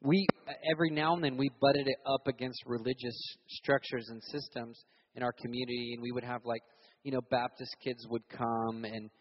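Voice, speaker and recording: A young man from Virginia preaching a sermon, telling stories animatedly and acting out loud shouted voices. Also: mid-range voice, fairly even intonation, normal speed, slightly rough. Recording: reverberant hall, dull sound.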